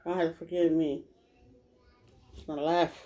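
A woman's voice: sits low, little pitch movement, normal speed, warm tone. A woman vlogging a mukbang at home, chatting to her viewers as she eats and hums over her food. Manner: chatty, addresses viewers as y'all, smacks and hums while eating. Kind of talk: mukbang eating vlog, casual chat. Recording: noisy home recording. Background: a baby crying and household noise.

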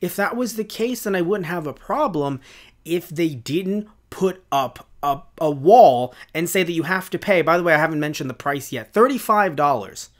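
A man's voice: fairly high pitch, lively intonation, moderate pace. Exasperated male YouTuber ranting. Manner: exasperated, emphatic, repeats words for effect. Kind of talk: ranting commentary.

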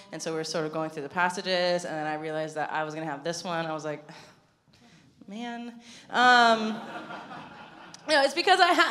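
A young woman gives a conversational sermon in a church, her voice sitting at an ordinary middle pitch. She talks in a chatty, self-deprecating way and laughs often. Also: fairly bright tone. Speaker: pastor. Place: church sanctuary.

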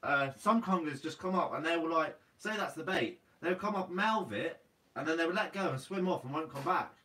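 A man's voice: on the high side, lively intonation, normal speed, bright, forceful tone, distant mic, slight background noise, low-quality recording. A young man from Guernsey with a Guernsey accent, hosting a fishing channel's live Q&A, reading out comments in a laid-back, slightly sleepy way and calling everyone "mate". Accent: Guernsey English.

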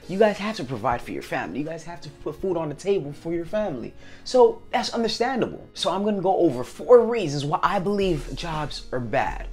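A man vlogging casually to his viewers, animated and acting out little scenes in different voices. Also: high voice, fairly quick, faint music behind. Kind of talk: casual talk to camera.

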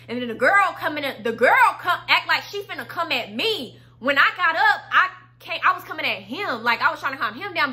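A young woman vlogger telling a story in a casual, animated, slangy way, swearing freely and acting out her own angry lines. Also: high voice.

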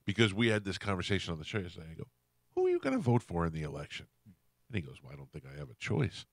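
A man hosting a radio show, telling a story in a casual, animated way and acting out what people said. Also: deep voice, quick pace, vocal fry, no room sound, clean studio sound. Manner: animated, acts out quotes in shifting voices. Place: radio studio. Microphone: studio microphone.

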